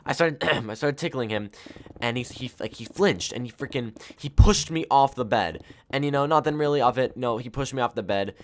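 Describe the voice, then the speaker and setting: A man's voice: mid-range voice, normal speed. A young man casually telling a personal story while playing a game, rambling with many fillers and self-corrections. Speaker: gaming YouTuber.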